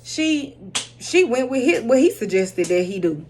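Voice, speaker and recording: A woman with a slightly high voice gives a casual spoken recap of a drama episode. She is animated and blunt, drops profanity freely and laughs often as she tells it. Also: measured pace.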